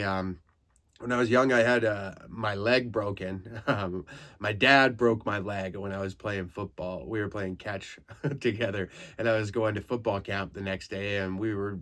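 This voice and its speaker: A man from Canada, a comedian hosting a podcast, telling rambling, profane stories in casual comic style that turn loud and animated in the retellings. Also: lowish voice.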